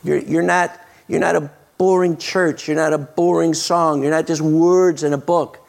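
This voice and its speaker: Gravelly man preaching with earnest fervor. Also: a little high, moderate pace. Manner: earnest, repeats words and restarts, rises to loud excitement. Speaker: pastor. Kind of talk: sermon.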